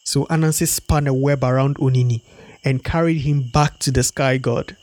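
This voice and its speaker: A man narrating a folktale in a steady storybook read-aloud. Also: mid-range voice, normal speed, no room sound.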